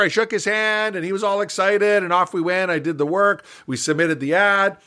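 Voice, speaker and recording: An older man, a business coach, telling an animated story as a podcast guest and acting out the dialogue with chuckles. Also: sits high, a little fast, few pauses.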